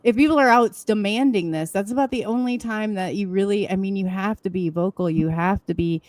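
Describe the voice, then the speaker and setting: A woman's voice: medium pitch, a little fast, a little mellow, dry recording. A woman hosting a casual interview, speaking earnestly and encouragingly to her guest. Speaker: host.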